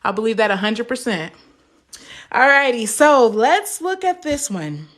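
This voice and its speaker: A woman's voice: fairly high pitch, sing-song, a little slow, a bit bright. A young woman teaching a live math lesson, chatty and encouraging, stopping to answer viewer comments.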